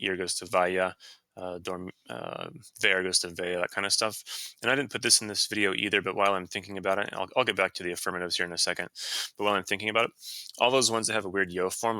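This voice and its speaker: Low bright-toned male teacher. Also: dry recording. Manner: casual explaining with fillers and self-corrections. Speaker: Spanish teacher. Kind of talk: screen-recorded grammar lesson.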